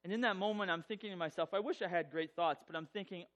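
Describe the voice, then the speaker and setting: In dull-sounding audio, a high-pitched man talks fast as he tells an audience a self-deprecating, humorous story from his life, animatedly voicing the characters.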